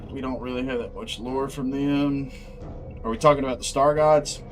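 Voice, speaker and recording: A man's voice: medium pitch, steady tone, moderate pace, faint music behind. A man casually chatting while he assembles miniatures. He is laid-back and profane and laughs often. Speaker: channel host.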